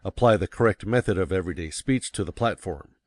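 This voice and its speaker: Deep-voiced man reading an old text. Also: no echo, studio quality. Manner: measured, stresses key words. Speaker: narrator. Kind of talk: audiobook reading of a classic text.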